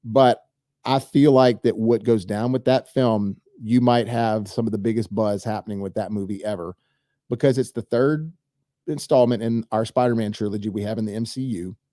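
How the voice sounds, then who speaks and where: A man hosts a movie news show on his own, chatting straight to his viewers. His voice is mellow and low in brightness, recorded close and dry with no room sound. He rambles eagerly from one point to the next. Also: fairly even intonation, normal speed, no room sound. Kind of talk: casual solo commentary.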